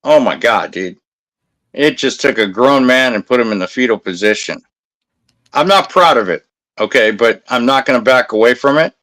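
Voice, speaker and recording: A man in his fifties with a bright, forceful voice, telling a story bluntly and with plenty of swearing. He talks in a combative, no-nonsense way, like a security guard recounting a confrontation. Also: mid-range voice, moderate pace. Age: 50s. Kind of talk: casual storytelling on a talk show.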